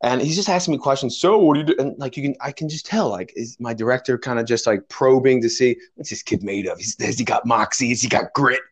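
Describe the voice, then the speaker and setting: Male guest telling a lively anecdote, mid-range voice, slips into voices for the people he quotes. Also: mid-range voice, fairly quick, hardly any pauses, breathy edge. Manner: animated storyteller acting out quoted voices. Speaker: guest, personal trainer. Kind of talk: casual storytelling chat.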